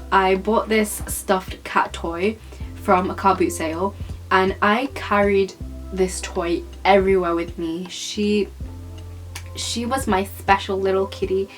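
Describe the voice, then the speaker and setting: A young woman speaks in a British accent, chatty and earnest as she introduces herself to her viewers. Her voice sits at an ordinary middle pitch, and she laughs softly between thoughts. Faint music plays under her phone-recorded talk. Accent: British English. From Malaysia. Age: young adult. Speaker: vlogger. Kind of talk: casual get-to-know-me vlog. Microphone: phone camera.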